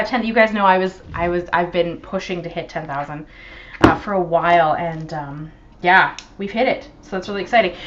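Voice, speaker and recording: A chatty young Canadian woman with a Canadian accent hosts a relaxed craft livestream, greeting each viewer by name and laughing easily. Her voice sits at an ordinary pitch for a woman. It comes through the camera's own microphone, which sounds a little dull, with a faint hiss underneath. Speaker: crafting channel host. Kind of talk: casual livestream chat.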